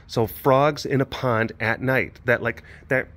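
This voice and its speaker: An animal keeper vlogs outdoors by the enclosures, chatting casually in a rambling, excitable way full of fillers. He has a mid-range voice and an unhurried pace.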